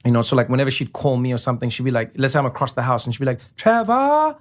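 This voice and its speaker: Animated man telling stories. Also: medium pitch, racing. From South Africa. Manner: animated, slips into voice impressions. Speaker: interview guest. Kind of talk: conversational storytelling.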